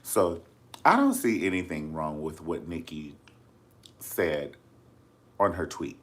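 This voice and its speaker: Taking his time, a man with a rumbling low voice and lively intonation covers celebrity news in a casual to-camera vlog. He's dramatic and sassy, calling viewers honey again and again.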